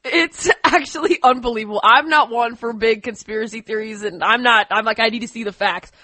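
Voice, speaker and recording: A woman's voice: a little high, brisk, bright, forceful tone, no echo. A woman co-hosting a sports radio show, chatting in an emphatic, exclaiming way. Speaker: radio co-host. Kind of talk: casual sports talk.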